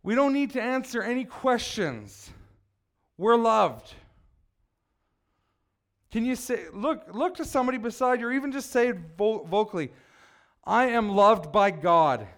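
A man's voice: very high-pitched, very animated, moderate pace, long pauses. A man preaching a sermon as pastor to his church, earnest and emphatic, prompting the congregation to repeat after him.

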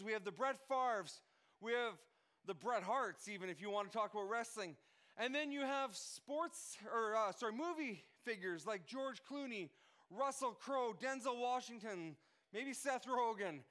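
A man's voice: very high voice, sharp tone, clean tone. A man preaching a sermon as pastor, talking earnestly and often restarting his phrases. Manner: earnest, repeats and restarts phrases, lists names.

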